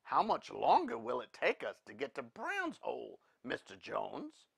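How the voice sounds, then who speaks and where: A man's voice: medium pitch, wildly swooping pitch, a little slow, gravelly, fairly bright tone, breathy edge, no echo, heavily acted. A man voicing a proper, fretful pioneer mother.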